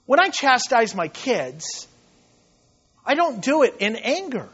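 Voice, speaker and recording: A man preaches a sermon with fervent, swinging delivery, going from hushed and low to loud and pressing. His voice sits high for a man. The recording is a little dull and lo-fi. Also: very animated, takes it slowly, breathy edge. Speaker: pastor.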